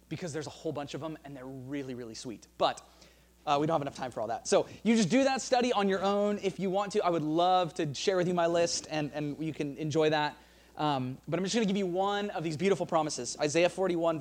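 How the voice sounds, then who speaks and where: Earnest male pastor preaching, slightly high voice. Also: fairly quick, slight background noise. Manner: earnest, repeats phrases, drops soft for scripture. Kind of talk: sermon.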